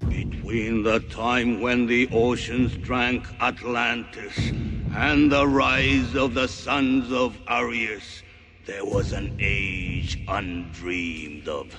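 A slow, solemn storyteller. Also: male voice, medium pitch, level tone, in a large hall. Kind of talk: scripted film narration. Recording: film clip with music.

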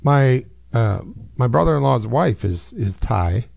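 Jokey male co-host, slow gravelly delivery, dry close recording. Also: mid-range voice, expressive, darkish tone, no room sound. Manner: jokey, prone to silly voices. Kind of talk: casual chat.

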